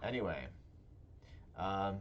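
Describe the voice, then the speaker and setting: A man co-hosting a relaxed talk show, his voice rising and falling in a lively way. He rambles on playfully, restarts his sentences and lets them trail off into mumbles. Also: deep voice, takes it slowly, muffled recording, slight background noise. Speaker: podcast co-host. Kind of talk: casual chat.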